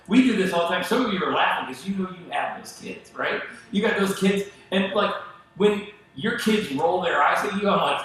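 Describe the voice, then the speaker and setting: A middle-aged man gives a sermon in a loose, conversational way, breaking into asides and playful quoted voices. His voice sits a little high for a man. It rings through a very echoey church hall with a faint hum of noise underneath. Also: lively intonation, brisk, fairly bright tone. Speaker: pastor. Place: church auditorium.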